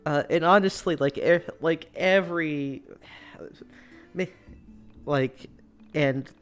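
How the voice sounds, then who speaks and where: A man's voice: fairly high pitch, takes it slowly, clear, resonant tone, faint music behind. A man co-hosting a casual podcast during a game, talking through ideas in a thoughtful, rambling way. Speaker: podcast co-host. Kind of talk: casual chat over gameplay.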